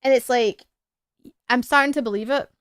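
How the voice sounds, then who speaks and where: High-voiced playful woman streamer. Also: moderate pace, clear, resonant tone, no room sound, studio quality. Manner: playful and giggly, rambling asides. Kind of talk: livestream reading a visual novel aloud.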